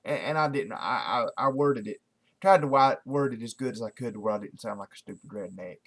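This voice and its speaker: A man's voice: mid-range voice, fairly quick, a bit bright. Folksy rambling man. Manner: folksy, repetitive, many fillers and restarts. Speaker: daily video blogger. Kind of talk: casual rambling monologue to camera.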